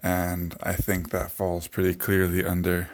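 A man hosting a podcast, explaining things in a relaxed way and thinking aloud with fillers. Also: low voice, a little slow, a little hiss or hum. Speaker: podcast host. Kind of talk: casual explanatory podcast talk.

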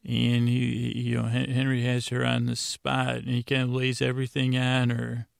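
A man's voice: medium pitch, monotone, normal speed, creaky, smooth, dry recording, studio quality. A man hosting a podcast, casually recapping a TV episode in a rambling way with many restarts.

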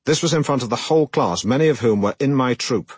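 An actor playing a pompous, self-regarding middle-aged broadcaster who narrates his own memoir in a deadpan way. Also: mid-range voice, quick pace, slightly rough, no room sound. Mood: self-important. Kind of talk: comic audiobook narration.

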